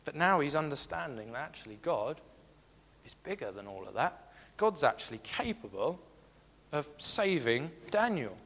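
A man's voice: a little high, sing-song, moderate pace, a bit bright, big-room sound. A man giving a sermon, earnest and repeating his key phrases as he reads scripture aloud. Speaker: preacher.

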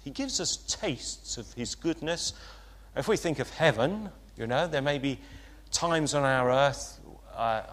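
A man's voice: mid-range voice, a bit bright. A man preaching an informal sermon, chatty and hesitant, with frequent fillers and restarts. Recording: long hall reverb.

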